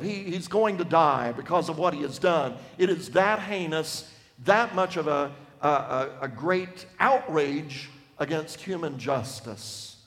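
A man preaching a sermon on a Bible passage, emphatic, dropping from loud to hushed for effect. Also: fairly high pitch, lively intonation, a little slow. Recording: long reverb of a large hall.

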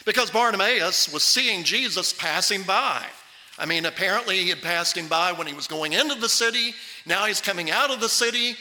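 Male pastor, high bright voice, lively sermon delivery, hall echo. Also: moderate pace. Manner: animated, acts out the Bible voices.

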